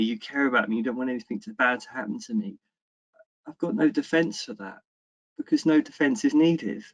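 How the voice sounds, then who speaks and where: An earnest man with a fairly low voice tells his own story in an online talk. He often repeats a word as he begins a line, and his speech stays sincere and personal. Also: low-quality recording. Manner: earnest, repeats words when starting lines. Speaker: social worker. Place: webinar, remote.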